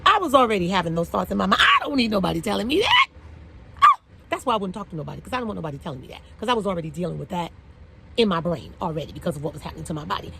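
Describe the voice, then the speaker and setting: A woman's voice: lowish voice, huge pitch swings, very fast, creaky, noisy background. A woman in her forties, a hairstylist, telling a personal story conversationally with lots of fillers and emotional bursts. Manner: conversational, frequent "you know" fillers, emotional outbursts.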